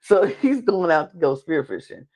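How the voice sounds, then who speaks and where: A woman recapping a reality show in casual talk. She is animated, laughs often, and acts out other people's lines with big jumps in pitch. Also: moderate pace. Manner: laughs often while talking. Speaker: podcast guest.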